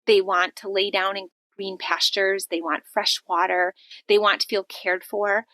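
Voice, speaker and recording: A woman hosting a devotional podcast, talking earnestly and conversationally about faith, with lively shifts when she quotes others. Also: mid-range voice, measured pace, no echo. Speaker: podcast host.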